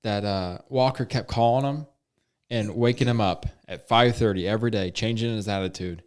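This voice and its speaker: A man with a slightly low voice co-hosts a casual podcast. He tells a story in a relaxed, halting way and pauses often on fillers. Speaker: podcast co-host.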